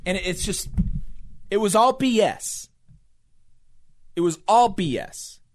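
A talk radio host with a drawl delivers angry political commentary. The voice swings widely in pitch and piles up repeated phrases with impassioned, ranting force. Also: animated, slow pace, a little hiss or hum. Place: radio studio.

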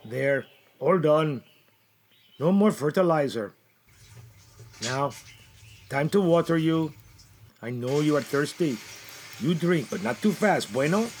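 A man's voice: fairly high pitch, lively intonation, takes it slowly, pauses often, slight background noise. A man performing a comedic gardener, who mutters to himself anxiously and talks fondly to his plants. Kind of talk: comedy sketch monologue.

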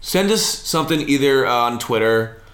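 A man's voice: medium pitch, lively intonation, normal speed, a bit bright. A young man co-hosting a casual sports podcast, joking and emphatic in his banter. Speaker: podcast co-host. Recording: roomy echo.

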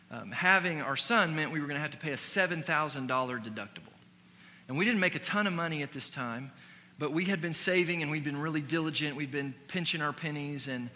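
Bright-voiced man preaching in a reverberant hall. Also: on the high side. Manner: emphatic preaching that drops to quiet storytelling. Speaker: pastor. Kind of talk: sermon with a personal story. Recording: long hall reverb with faint hum.

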